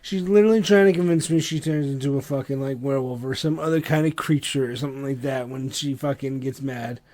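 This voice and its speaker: A man's voice: medium pitch, quick pace. Man telling a story casually, swearing and laughing. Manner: animated, swears freely, laughs at his own story. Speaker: podcast co-host.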